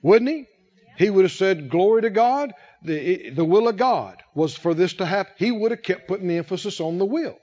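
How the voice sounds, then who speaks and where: A man's voice: sits high, lively intonation, normal speed, darkish tone, muffled recording. A man preaching a sermon in church, quoting scripture and calling on the congregation to answer him. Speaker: pastor.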